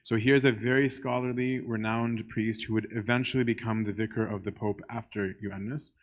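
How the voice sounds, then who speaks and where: A man's voice: lowish voice, fairly even intonation, moderate pace. A male priest giving a casual church teaching talk, conversational and full of "um" and "right?". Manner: conversational, often asks "right?"; frequent "um" fillers.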